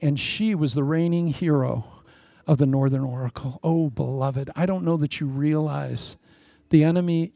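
A middle-aged male pastor preaching with animated, preacherly energy and playful asides. His somewhat high voice carries a gravelly edge. The sound is dry and close, with no room echo. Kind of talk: sermon.

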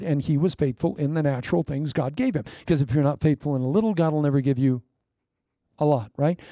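A male pastor gives a lively sermon, laughing and playacting little anecdotes as he goes. His voice is a bit high for a man, gravelly yet mellow, and the recording is close and dry.

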